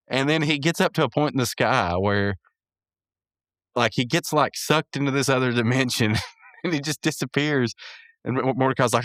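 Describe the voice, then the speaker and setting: A man's voice: medium pitch, moderate pace, fairly bright tone, no echo, clean studio sound. A man hosting a podcast, recapping a cartoon episode in casual, rambling commentary, correcting himself and laughing often.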